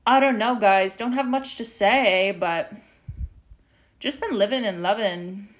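A woman's voice: mid-range voice, measured pace, fairly bright tone. A young woman hosting her own podcast from home, rambling casually with lots of fillers and swearing. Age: young adult. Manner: rambling and chatty, heavy use of "like" and swearing. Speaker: podcast host. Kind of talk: casual chat.

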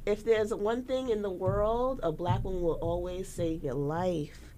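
A woman's voice: medium pitch, moderate pace, noisy background. A woman, hosting a casual podcast and telling stories, acting out the people she quotes. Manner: animated storytelling, acting out quotes. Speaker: podcast host.

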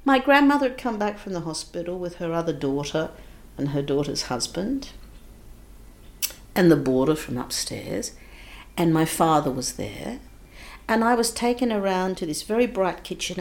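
A woman recounting a painful childhood memory in an interview, moving between hushed passages and raised, intense moments. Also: mid-range voice. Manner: vivid, emotional retelling with shifts between hushed and raised intensity. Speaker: guest recounting her childhood. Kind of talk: personal storytelling.

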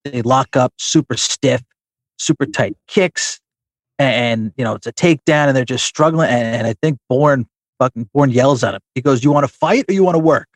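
A man's voice: mid-range voice, normal speed, dry recording. A man co-hosting a casual podcast, telling a long story with many restarts and fillers. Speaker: podcast co-host. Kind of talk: casual chat about wrestling figures.

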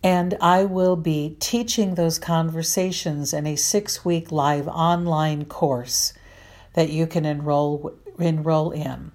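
Woman, marriage counselor, earnest, deliberate, mellow tone, slow delivery. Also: low voice, steady tone. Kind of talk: advice talk to listeners.

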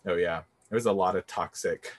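Young man, podcast host, casual chat, energetic, laughs often, filler-heavy. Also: low voice, fairly quick, background noise. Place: bar he owns.

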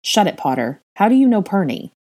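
A woman's voice: on the low side, animated, normal speed, mellow, pitched above the performer's own voice. A woman voicing a sour, snapping young aristocrat. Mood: curt. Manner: curt, snapping. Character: young adult male aristocrat, sour and defensive.

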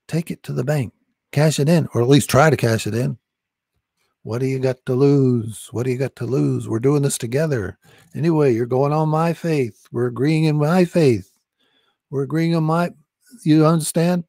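A man's voice: medium pitch, normal speed, creaky, mellow, husky, dry recording, studio quality. A man preaching urgently about salvation and deliverance, pressing the listener to repeat a confession of faith. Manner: urgent, insistent, repetitive exhortation.

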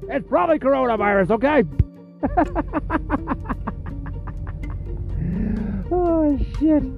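A man's voice: extremely high pitch, lively intonation, slow, gravelly, phone-quality sound, music in the background. A man with a cold hosting a podcast, rambling and cursing through sarcastic trash talk. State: sniffling with a cold. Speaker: podcast host. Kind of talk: rambling crude comedic monologue.

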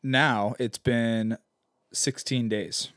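A relaxed man in his late twenties chats on a podcast in a middle-pitched voice. He rambles easily and chuckles often. The sound is close and dry. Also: very slow, no room sound. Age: 20s. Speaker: podcast co-host. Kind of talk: casual podcast chat.

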